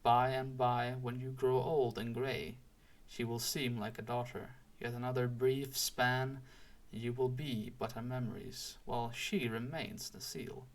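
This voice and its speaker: A man voicing a wise, calm master woodsman who speaks with a gentle, measured teaching tone. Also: medium pitch, natural voice. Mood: gently instructive.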